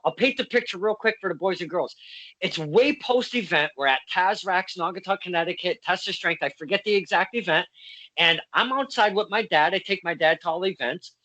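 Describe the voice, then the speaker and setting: Excitable stammering man on a video call. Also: high-pitched. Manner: stammering, excitable, repeats words. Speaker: interviewer, podcast host. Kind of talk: casual video-call interview.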